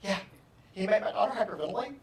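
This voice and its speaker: A man voicing an upset middle-aged mother who confronts a young teacher, halting and accusing, in a roomy hall from a distant mic. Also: sits high, expressive, vocal fry, pitched above the performer's own voice.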